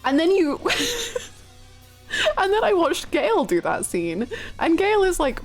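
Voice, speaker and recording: A woman's voice: very high voice, sing-song, measured pace, pauses often, faint music behind. A woman game streamer chatting casually with viewers, laughing often and swearing freely.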